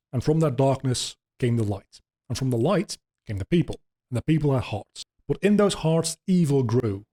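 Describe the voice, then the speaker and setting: Rambling, swearing man explaining game lore casually, mellow and mid-pitched. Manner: rambling, swearing, many ums. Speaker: podcast host.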